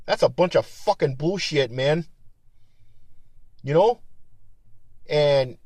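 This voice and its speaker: A man's voice: fairly high pitch, lively intonation, takes it slowly, a little mellow, dry recording. A man venting in a rambling, profane, heated monologue about his job as a security guard supervisor.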